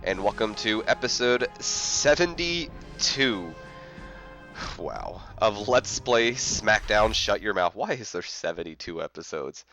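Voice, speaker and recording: Guy doing casual game commentary, kinda rambly and self-mocking, bright tone. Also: on the low side, animated, slow pace, soft background music. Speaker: let's play commentator.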